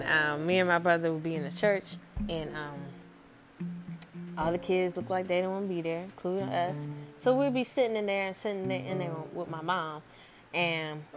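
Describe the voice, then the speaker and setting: A young woman talks through a casual podcast, venting about her past in a chatty, animated way and slipping into the voices of the people she quotes. Her voice sits at an ordinary middle pitch. Guitar music plays clearly behind her the whole time. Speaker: podcast host. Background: background guitar music.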